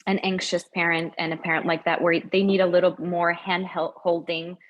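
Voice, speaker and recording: A woman's voice: on the low side, flat delivery, moderate pace, dull audio. A woman who runs a school hesitantly describes a difficult parent situation on a video call, with frequent restarts and concern. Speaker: head of school asking a question. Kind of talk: describing a problem to a consultant.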